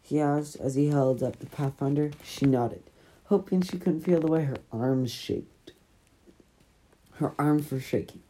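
A woman reading a novel chapter aloud in a measured, unhurried storytelling manner. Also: low voice, warm tone, rough recording. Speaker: audiobook reader.

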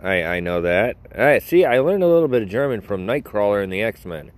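Deep-voiced rambling podcast guy. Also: lively intonation, a little fast, dry recording. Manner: rambling, jokey, self-mocking. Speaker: podcast host. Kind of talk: rambling solo podcast chat. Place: outdoors.

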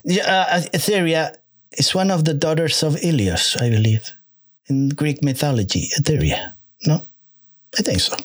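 A man's voice: on the high side, normal speed. A man hosting a casual interview, easygoing and friendly, often repeating his phrases. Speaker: interviewer host.

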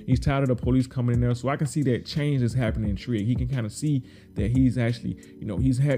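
A podcast host recaps a TV episode in a warm, medium-pitched voice. His talk is casual and rambling, with repeated words and acted-out lines from the characters.

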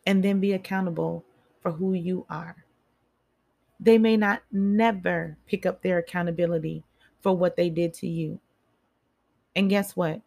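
A woman's voice: lowish voice, fairly even intonation, measured pace, gravelly, pauses often, a little mellow. A woman giving a casual motivational talk, chatty and speaking straight to her listeners, repeating phrases for emphasis.

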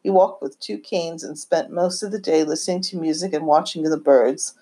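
A woman reading her family memoir aloud, reminiscing in a gentle, unhurried way. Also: deep voice, breathy edge. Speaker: narrator.

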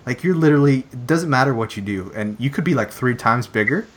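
A man's voice: medium pitch, animated, quick pace. A young man in casual chat, rambling with many fillers and repeated phrases.

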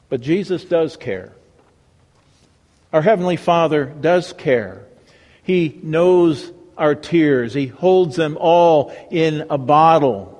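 Slow-preaching pastor in a reverberant church. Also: male voice, on the high side. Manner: dramatic, swinging from raised emphasis to hushed, reverent delivery. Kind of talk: sermon.

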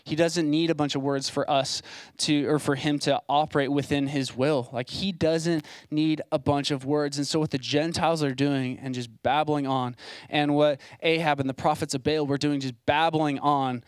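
A man's voice: fairly high pitch, steady tone, moderate pace, clear, resonant tone, no room sound. A young man preaching a sermon as a site pastor, in a casual, conversational way with plain asides.

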